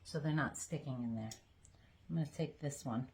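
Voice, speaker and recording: A woman from Georgia with a low voice chats with her viewers as if they were old friends. She is cooking at home in her kitchen, and her talk is folksy and rambling. A faint background noise sits under her voice. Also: normal speed, a little mellow. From Georgia, USA. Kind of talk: casual chatty cooking video.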